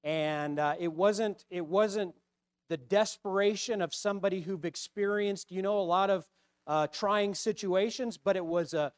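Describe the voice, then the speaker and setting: A man's voice: on the high side, normal speed, no echo. A middle-aged man preaching a personal sermon, hesitant with repeated words, rising to impassioned pleading. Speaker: pastor.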